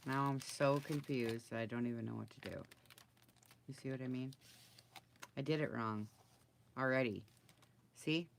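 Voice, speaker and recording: Gravelly-voiced flustered crafting woman. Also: rumbling low, normal speed, long pauses, a little hiss or hum. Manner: muttering to herself, easily flustered. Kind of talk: casual crafting video talk.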